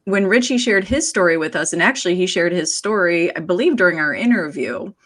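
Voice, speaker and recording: A woman with a somewhat low voice talking through her thoughts on a casual podcast. She is reflective and persuasive, and she keeps checking in with her listeners as she goes. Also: lively intonation, fairly quick. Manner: reflective, persuasive, many rhetorical "right?".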